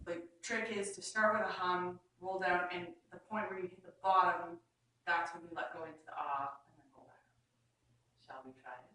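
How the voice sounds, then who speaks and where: A woman's voice: lowish voice, fairly even intonation, normal speed, pushed and bright. A woman teaching an acting workshop, explaining Shakespeare's verse in a chatty way and acting out lines as examples. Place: rehearsal room. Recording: echoey room, far from the mic.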